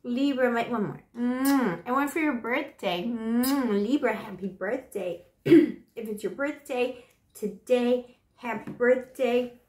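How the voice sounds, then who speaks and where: A woman's voice: a little high, measured pace, a little mellow, roomy sound. Playful woman tarot reader getting over flu. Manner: playful, flirty and teasing, with pet names and laughs. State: recovering from flu, voice still rough. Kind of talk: casual tarot reading to camera.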